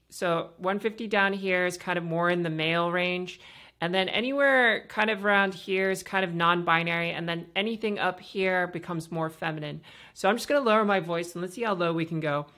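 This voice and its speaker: A woman hosting a podcast, explaining voice practice in a casual, instructive way with many fillers and a pitch that moves up and down. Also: normal speed, bright, forceful tone. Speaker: podcast host and voice coach.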